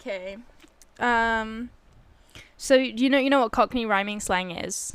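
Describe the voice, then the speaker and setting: A woman's voice: a little high, unhurried, fairly bright tone, slight background noise. A woman co-hosting a podcast, patiently explaining slang in casual chat with frequent giggles. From lived in England. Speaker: podcast co-host.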